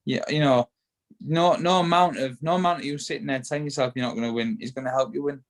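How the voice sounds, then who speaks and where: A man's voice: mid-range voice, steady tone, quick pace. Rambling Yorkshire man talking about self-belief. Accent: Yorkshire English. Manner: rambling, repeats words and restarts often. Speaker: guest, bare-knuckle boxer. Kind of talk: casual interview.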